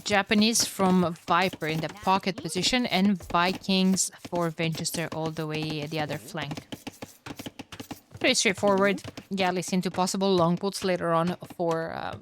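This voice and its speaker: A woman commentating a strategy game alone for her live chat, chatty and excitable, tired and with a headache. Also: lowish voice, moderate pace, a little hiss or hum. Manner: chatty, excitable, swears and laughs at herself. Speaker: esports caster.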